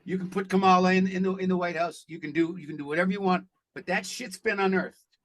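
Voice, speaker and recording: Male actor guest, a lively and blunt storyteller with a slightly high voice. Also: fast. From Canada. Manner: animated storyteller, blunt and profane. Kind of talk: casual interview chat.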